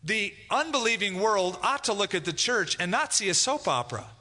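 A man's voice: sits high, animated, fairly quick, bright, forceful tone. A man preaching a conversational sermon as pastor, acting out quoted dialogue. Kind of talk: expository sermon. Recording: long hall reverb.

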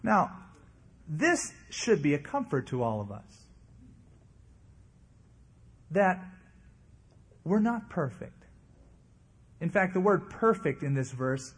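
A man's voice: a little high, expressive, a little slow, pauses often, breathy edge. A man preaching a sermon as pastor, earnest and emphatic, his emphasis swinging up and down.

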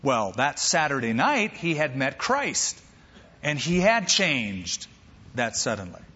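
Bright-voiced preaching man, echoey hall. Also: medium pitch, takes it slowly, slightly rough, dull audio. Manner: animated preaching, acts out quoted voices. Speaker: pastor. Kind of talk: sermon.

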